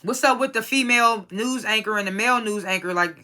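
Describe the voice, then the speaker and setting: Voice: medium pitch, brisk, bright, forceful tone. A TV episode reviewer giving a casual, rambling recap with profane, incredulous asides.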